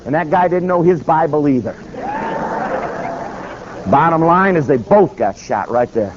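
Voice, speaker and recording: Animated male preacher telling a story. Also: on the high side, a little slow, long pauses. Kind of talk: storytelling sermon. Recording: dull lo-fi with faint noise.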